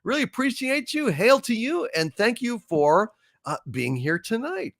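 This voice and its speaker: A man hosting a casual livestream and reading viewer messages aloud, jokey and animated, with sudden loud greetings and playful teasing. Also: unhurried, gravelly, no room sound, clean studio sound. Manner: animated, jokey, shouting greetings with big pitch jumps. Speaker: livestream host. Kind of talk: casual livestream chat reading super chats.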